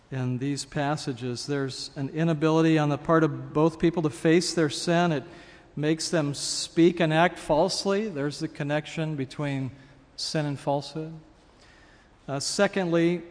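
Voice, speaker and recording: A man's voice: on the high side, big-room sound. A man preaching a sermon, earnestly teaching and asking his congregation questions as he reads and explains a passage. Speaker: pastor.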